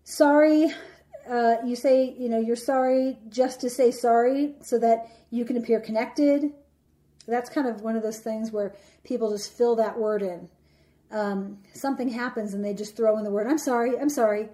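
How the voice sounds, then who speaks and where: A woman giving a reflective teaching talk about relationships, speaking in a measured, deliberate way and slowing down for emphasis. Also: a little high, fairly even intonation, mellow.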